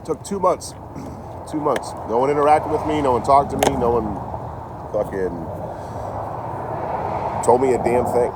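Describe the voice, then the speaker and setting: A man's voice: medium pitch, a little slow, pauses often. A young man chatting casually on a live stream from outdoors, rambling and profane, laughing between thoughts. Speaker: train-hopping livestreamer. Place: outdoors in town near a store. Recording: phone outdoors with street noise.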